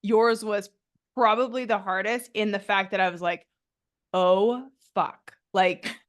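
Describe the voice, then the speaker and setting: A woman hosting a podcast as a coach, chatting casually in an animated way, laughing and swearing freely. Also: mid-range voice, normal speed. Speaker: host and coach.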